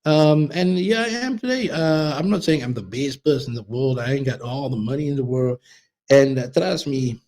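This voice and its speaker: Man, casual vlogger, mellow low-key tone, rambling and profane, lots of restarts. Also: moderate pace. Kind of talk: casual monologue.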